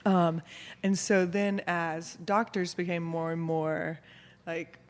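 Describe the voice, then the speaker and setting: A man explaining in a casual talk, agreeable and quick to back others up. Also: a little high, level tone, in a large hall. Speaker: birth professional guest.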